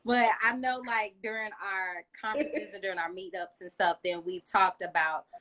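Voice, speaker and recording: A woman's voice: mid-range voice, fairly even intonation, moderate pace, bright, forceful tone, low-quality recording. A woman co-hosting a casual podcast interview, agreeable and loose, full of "like" and "um". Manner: casual, agreeable, many fillers and "like".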